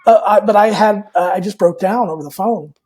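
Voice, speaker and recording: Mellow-voiced man telling a rambling story. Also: high voice, fairly quick, breathy edge. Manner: rambling, with many fillers and repeated words; candid and personal. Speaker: podcast guest. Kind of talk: casual storytelling in an interview.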